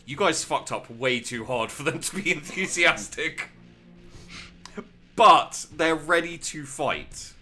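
A man with a British accent narrating a tabletop role-playing game as game master, casual and halting. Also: fairly high pitch, expressive, bright, forceful tone, faint music behind. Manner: casual, halting with fillers, laughing.

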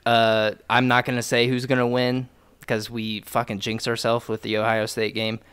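A man's voice: mid-range voice, monotone, moderate pace, fairly bright tone, clear, resonant tone, no room sound. A young man hosting a podcast, chatting casually and jokingly with plenty of swearing and fillers. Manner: loose, joking, profane, lots of fillers. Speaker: podcast host. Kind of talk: casual chat.

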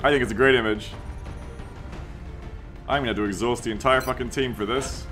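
A man's voice: mid-range voice, fairly even intonation, brisk, music in the background. A man streaming a strategy game, joking and swearing as he reads chat messages aloud and riffs on them. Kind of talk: casual gameplay commentary.

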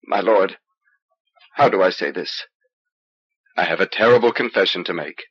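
A man voicing a nervous male alien informer who speaks low and hesitantly, on an old cassette recording. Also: moderate pace, breathy edge, muffled recording. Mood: confessing.

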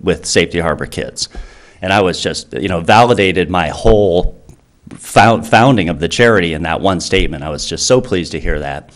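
A man's voice: low-pitched, expressive, moderate pace. A man who founded a charity, speaking earnestly to a town council with many fillers and restarts. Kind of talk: public comment speech.

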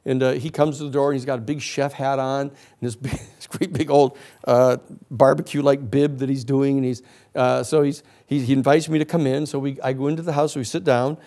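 A man with a gravelly, fry-edged voice tells a story to a class. He is animated and acts out the other people's lines as he goes, at a middling pitch. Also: a little fast. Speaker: lecturer.

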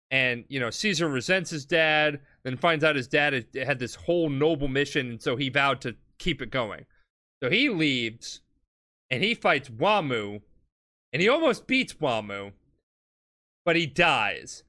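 Drunk podcast host, bright, lively and rambling, full of laughs and swearing. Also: medium pitch, unhurried. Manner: animated, laughing, swearing, acting out characters. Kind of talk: drunk comedic storytelling.

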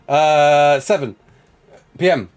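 A young man with a Brummie accent, live-streaming a survival game and reading out chat questions in a rapid, excitable way with frequent laughter. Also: fairly high pitch, clear, resonant tone. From West Midlands, England.

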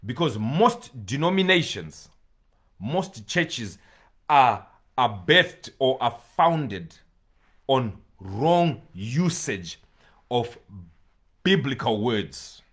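A man's voice: mid-range voice, sing-song, very slow, long pauses, a bit bright, breathy edge. A man preaching a sermon, pleading and emphatic, repeating key words for stress.

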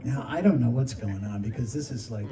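A man with a mellow, warm voice tells an anecdote in an easy, animated way, slipping into the voices of the people in it. He sits back from the mic, and the room adds a roomy echo around his words. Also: mid-range voice, fairly quick. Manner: animated storyteller who acts out others' lines. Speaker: interviewee recounting anecdotes. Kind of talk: casual anecdotal storytelling. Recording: roomy sound from a distant mic.

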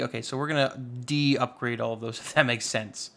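Male gaming YouTuber, gravelly and mid-pitched, chatty with playful asides over gameplay. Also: steady tone, a little fast, a bit bright. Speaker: Minecraft YouTuber. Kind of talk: casual gameplay commentary.

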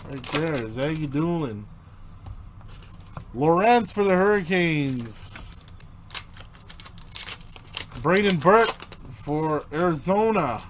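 A man with a slightly high voice hosts a live card break. He talks at an unhurried pace, calls out player names and chats with viewers, with faint noise in the background. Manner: reads out player names while opening packs, chatting with viewers. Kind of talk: live card-opening commentary.

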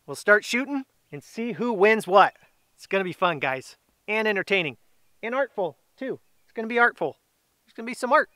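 This middle-aged man hosts a grilling channel's casual giveaway vlog outdoors, speaking in a high-pitched, expressive voice that's pushed and bright. Upbeat and chatty, he draws out each winner's name. The recording is studio quality, with no room sound.

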